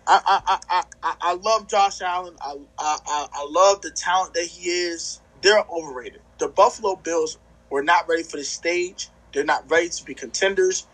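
A man with a high, breathy, husky voice co-hosts a casual sports podcast. He talks trash with lively bluster and keeps stammering on repeated words as he builds his point. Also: normal speed, rough recording. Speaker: podcast co-host.

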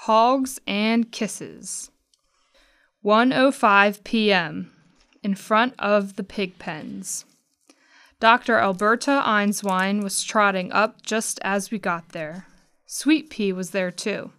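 Woman, children's story reader, very slow pace, smooth clear voice, careful delivery. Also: mid-range voice, steady tone, a bit bright. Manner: slow, careful storybook reading with stammered character lines. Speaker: guest reader. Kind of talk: reading a children's mystery aloud.

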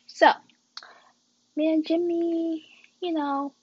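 A woman's voice: very high-pitched, little pitch movement, slow, warm tone, no echo, lo-fi sound. A teenage girl telling a casual storytime vlog, chatting straight to her viewers and calling them y'all and guys. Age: teens.

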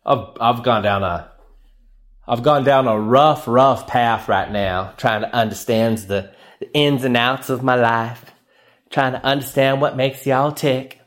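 A man's voice: medium pitch, steady tone, measured pace, fairly bright tone. A man hosting a casual solo podcast, rambling and joking, laughing often and calling listeners "man" and "baby.". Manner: playful, says "man" and "baby" a lot. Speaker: podcast host.

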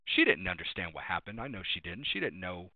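A man preaches a sermon in a low, very animated voice at a brisk pace, recorded dry with a tinny, phone-like sound. He speaks emphatically, repeating refrains and citing Bible verses by chapter and number.

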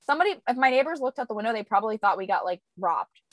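A young woman co-hosting a podcast, telling a lively story about her baby in casual chat with animated, expressive delivery. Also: racing, dry recording. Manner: animated storyteller, squeaky voices for quoted baby. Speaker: podcast co-host; young mother.

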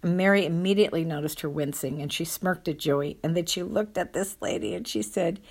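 A woman's voice: fairly low pitch, a little fast, hardly any pauses, slightly rough. A woman telling a personal family anecdote with wry, fond humor and playful asides. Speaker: storyteller.

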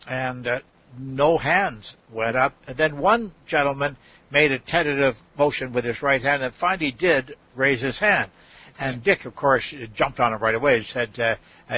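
An older man, a guest in a podcast interview, telling an anecdote in an unhurried way with many fillers. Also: mid-range voice. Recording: dull lo-fi audio.

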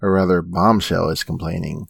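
A man co-hosting a casual chat, recapping plot in a relaxed way with frequent chuckles. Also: deep voice, moderate pace, vocal fry. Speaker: podcast co-host recapping episodes.

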